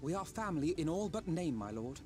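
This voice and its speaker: A man's voice: a little high, big pitch swings, fairly quick, darkish tone, faint music behind. An actor voicing an earnest young male scholar in a video game, who speaks with courteous, formal diction.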